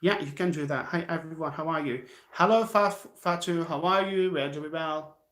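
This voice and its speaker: A man's voice: a little high, moderate pace, a bit bright, roomy sound. An Algerian man with an Algerian accent, a non-native English speaker, giving a live-stream English lesson from home in an encouraging, repetitive way while answering chat. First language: Algerian Arabic. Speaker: English teacher. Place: his home.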